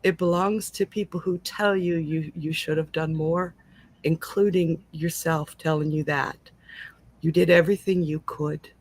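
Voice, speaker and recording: A woman giving live psychic readings in a gentle, reassuring and emotional way. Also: deep voice, fairly even intonation, a little slow, dry recording. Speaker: psychic reader. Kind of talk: live online reading, casual chat.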